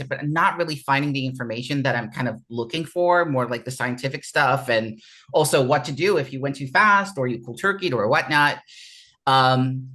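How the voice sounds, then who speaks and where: A man speaking at a mid-range pitch as an interview guest, sharing a raw personal story. He talks in an earnest, halting way, stopping and restarting his sentences and repeating words as he goes. The delivery is candid and unpolished. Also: sharp tone.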